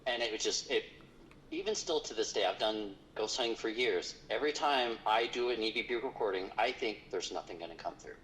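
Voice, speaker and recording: A man talks casually as a guest on a podcast, recounting an investigation. His voice sits on the low side, and his story wanders with plenty of "like" and restarts. Faint noise hangs behind him. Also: brisk, fairly bright tone, poor audio. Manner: rambling with frequent fillers.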